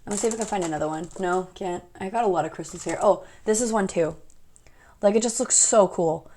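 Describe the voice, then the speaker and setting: A woman's voice: mid-range voice, a little fast, mellow. A young woman giving a casual pick-a-card tarot reading, chatty and rambling, often laughing at herself.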